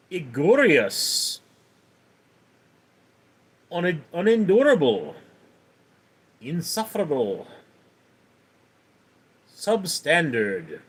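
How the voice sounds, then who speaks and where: Slow, lively livestreaming man. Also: high-pitched, slightly rough. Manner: reads viewers' chat questions aloud and answers them. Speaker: livestream host. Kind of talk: casual live chat.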